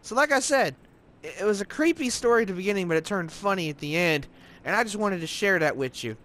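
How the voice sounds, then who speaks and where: Rambling, high-voiced man telling a story. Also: expressive, fast, fairly bright tone. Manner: rambling, conversational, lots of fillers. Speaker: gaming video narrator. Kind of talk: casual storytelling over gameplay.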